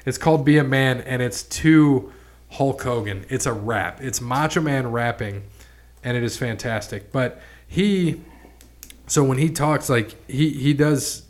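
A man's voice: mid-range voice, measured pace. A man hosting a podcast in a casual chat, rambling with lots of restarts and casual swearing. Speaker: podcast host.

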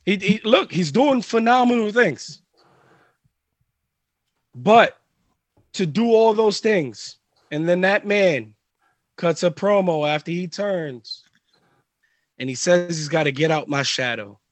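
Fiery, high-voiced wrestler cutting a promo. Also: male voice, lively intonation, slow, long pauses, no room sound. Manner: intense trash talk, rising to shouting. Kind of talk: wrestling promo in a live podcast.

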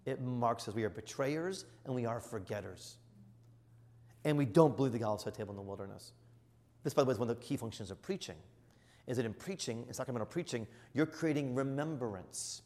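A middle-aged man preaches with earnest, emphatic conviction, his voice sitting at an ordinary male pitch. His words ring out with a long reverb trailing behind them, as in a large church hall. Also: a little fast. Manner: earnest and emphatic, surging to loud exclamations. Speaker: bishop. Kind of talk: sermon-style teaching.

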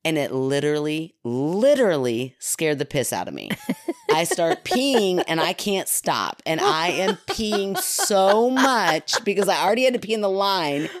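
A woman from Kentucky tells a long story in a relaxed podcast chat. Her voice sits fairly low, and she laughs her way through it. It is recorded close and dry, with no room sound. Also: a little slow, no echo.

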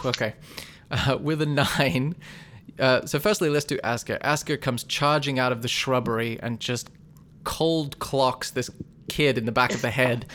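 A man runs a tabletop game at a middle pitch, plain and easygoing. He explains the rules patiently and tells the action with relish. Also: fairly bright tone, a little hiss or hum. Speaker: game master.

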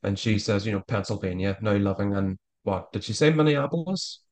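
A man's voice: fairly low pitch, lively intonation, a little fast, darkish tone. A man talking as a guest in a casual interview, rambling with frequent stammered restarts. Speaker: author guest.

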